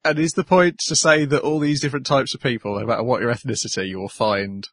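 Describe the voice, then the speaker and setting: A man's voice: medium pitch, fairly even intonation, fast, no room sound. A man hosting a casual anime podcast, recapping the episode plot and laughing often. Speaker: podcast host.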